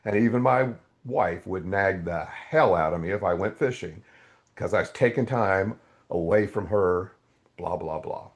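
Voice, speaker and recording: A man's voice: sits low, a little slow. A middle-aged man, a podcast guest, telling his faith story in a raw, candid way and acting out his own past outbursts. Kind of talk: candid testimony in an interview.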